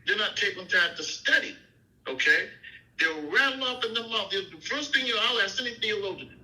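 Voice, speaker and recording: Bright-voiced emphatic male preacher. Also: sits high, expressive, normal speed, poor audio. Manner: emphatic, repeats "okay?" and "you see?". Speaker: minister teaching scripture. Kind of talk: informal Bible teaching.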